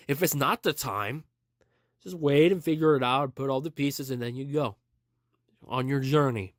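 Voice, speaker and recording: An earnest male podcast host speaks in a slightly higher than usual voice, rambling through motivational points. He repeats himself and restarts his sentences often, and the sound is dry and close to the mic. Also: no echo. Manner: earnest, repetitive, with frequent restarts.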